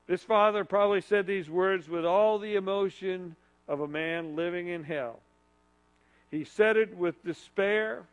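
An earnest preacher with a high voice for a man delivers a sermon. He leads his listeners in repeating lines together and drops to a soft, low voice to make a point. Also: measured pace, muffled recording. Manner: leads the congregation in call-and-repeat phrases.

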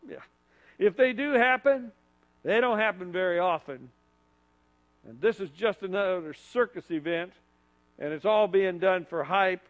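A preacher acting out a troubled middle-aged father of a sick boy, his voice sitting high for a man. The words come plain and direct, as if spoken straight from the heart. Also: measured pace, phone-quality sound. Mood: cynical.

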